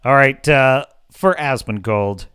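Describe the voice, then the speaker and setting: A man's voice: mid-range voice, slow, fairly bright tone, smooth, no room sound, clean studio sound. A man hosting a podcast, ranting in casual commentary with an opinionated, exasperated tone. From United States. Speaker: podcast host.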